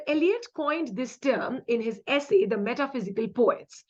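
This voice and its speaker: Chatty indian english lady teacher doing exam quiz prep, kinda lo-fi muffled audio. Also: high voice. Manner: chatty, mixes in Hindi asides, upbeat. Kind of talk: quiz lesson with explanations.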